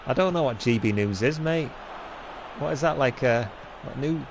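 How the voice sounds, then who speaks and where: A man co-commentating on a football game, making dry, deadpan asides. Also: medium pitch, moderate pace, noisy background.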